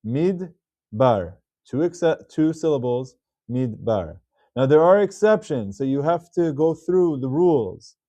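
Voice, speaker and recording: A man teaching Hebrew reading rules in a patient video lesson, repeating key words slowly. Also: on the high side, warm tone, no room sound.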